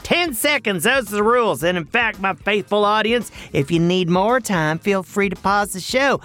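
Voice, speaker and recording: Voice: lively intonation, moderate pace, fairly bright tone, close to an everyday voice. A performer playing an overexcited, goofy host of a cartoon math show. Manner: bubbly, goofy, swinging wildly up and down in pitch. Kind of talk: cartoon voice acting.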